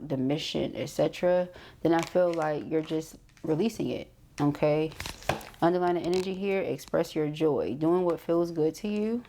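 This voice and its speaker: Woman, tarot reader, low voice, warm mellow tone, keeps asking "okay?", faint hiss behind. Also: vocal fry. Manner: tags phrases with "okay?"; reads card messages aloud then interprets. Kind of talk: tarot card reading.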